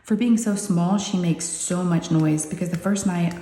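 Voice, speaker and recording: Chatty woman, low and mellow. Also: normal speed, a little hiss or hum. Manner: rambling and chatty, full of "you know" asides. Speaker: craft channel host. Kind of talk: casual chatty vlog storytelling. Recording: roomy echoey room.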